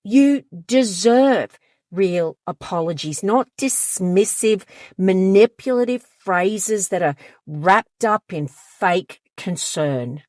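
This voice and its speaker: A woman's voice: medium pitch, animated, slow pace, a little mellow, dry recording, studio quality. A woman counsellor talking directly to her audience in an emphatic advice monologue, sometimes acting out quoted lines. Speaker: counsellor and channel host.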